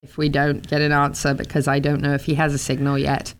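A woman's voice: low-pitched, completely flat delivery, brisk. Chatty English woman hosting a show. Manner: chatty, laughs often. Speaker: host. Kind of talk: casual talk show chat.

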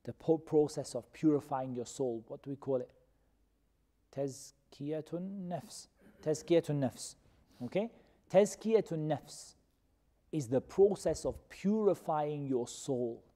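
A man teaching a Quran commentary class, who questions his students and repeats key terms slowly. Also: a little high, dark tone. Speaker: religious teacher. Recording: long reverb of a hall.

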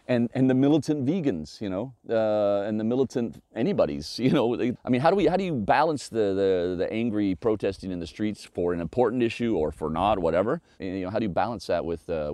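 Male host, very low voice, dry close sound, lively chat that slips into quick impressions. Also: no echo. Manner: animated, acts out voices of others; frequent restarts and "you know". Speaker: podcast host. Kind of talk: casual conversation.

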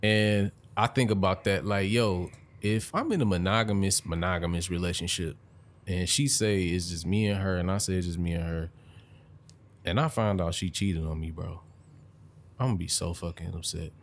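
A man with a fairly low voice co-hosts a casual podcast. He talks bluntly and profanely. He laughs between his points. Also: fairly even intonation, normal speed. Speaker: podcast co-host.

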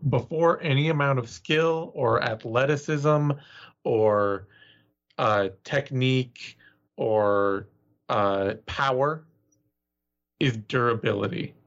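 A man co-hosting a podcast, talking through fighters and betting odds analytically and leaning on filler words. His voice is mid-pitched. The recording sounds dull and lo-fi. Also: slow, fairly bright tone. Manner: analytical, full of "you know" fillers. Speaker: podcast co-host. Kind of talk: casual fight-analysis chat.

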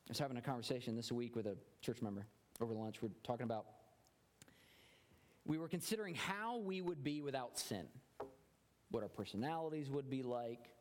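A man's voice: a little high, big-room sound. A man preaching a sermon as a pastor, earnest and often repeating words as he searches for them.

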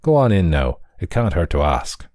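Guy doing a teasing trickster dog, low mellow voice. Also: big pitch swings, moderate pace, no room sound. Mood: wry. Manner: dry, teasing. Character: weary wry male fairy trickster in dog form.

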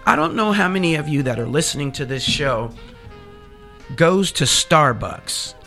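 A man's voice: a little high, big pitch swings, moderate pace, creaky, sharp tone, soft background music. A middle-aged man hosting a radio show, telling playful stories and speaking directly to his listeners. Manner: chatty, anecdotal, playful, addresses listeners directly. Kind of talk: casual radio talk with storytelling.

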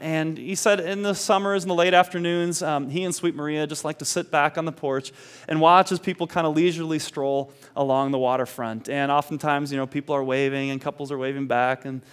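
A man telling a story in a relaxed, chatty way, often restarting his sentences and playing out each person's lines as he goes. His voice sits a little high and is smooth and clear. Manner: animated, many restarts, acts out the quoted dialogue. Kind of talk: casual anecdote retelling.

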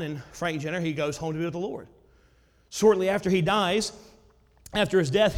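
A man preaching a sermon with a high voice, telling a story casually and then driving his points home with emphatic exclamations. His voice carries a long reverb, as in a church sanctuary. He sounds like a preacher in full storytelling flow.

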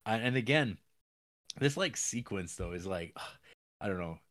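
A man's voice: fairly low pitch, expressive, a little slow, fairly bright tone. A man co-hosting a podcast, casually recapping a film in a rambling way and acting out lines. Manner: rambling recaps with acted-out quotes and laughs. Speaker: podcast co-host.

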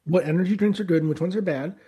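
A man's voice: sits high, rapid-fire, warm tone, breathy edge. A man co-hosting a podcast in casual chat, losing his voice, rambling and restarting his sentences. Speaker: podcast co-host.

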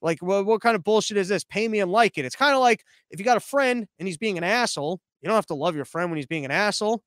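A man's voice: high voice, a bit bright, no room sound, clean studio sound. A man hosting a podcast as a live stream, rambling through viewer comments in a sarcastic, crude, offhand way. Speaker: podcast host.

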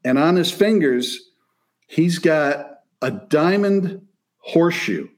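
Man, from Michigan, casual storytelling, profane, animated, quotes people in their voices. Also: a little high, takes it slowly. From Michigan, near Detroit.

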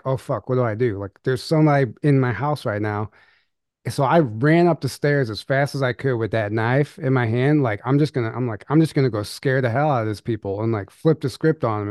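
A man's voice: mid-range voice, a little mellow, no echo. A young man co-hosting a podcast who tells his story in fits and starts. He restarts his sentences and laughs nervously. His voice sits mid-range and close, with no room sound around it. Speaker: podcast co-host. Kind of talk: casual storytelling chat.

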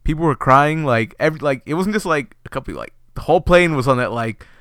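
Young man, bright smooth voice, loose filler-heavy chat, dry sound. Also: a little high, animated, fast, no echo. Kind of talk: casual chat.

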